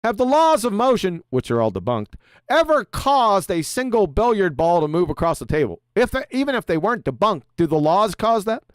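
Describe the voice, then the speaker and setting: A man's voice: high voice, very animated, brisk, smooth, dry recording, clean studio sound. A middle-aged man hosting a livestream, lecturing sarcastically and firing off rhetorical questions. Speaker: show host. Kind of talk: lecture-style livestream monologue.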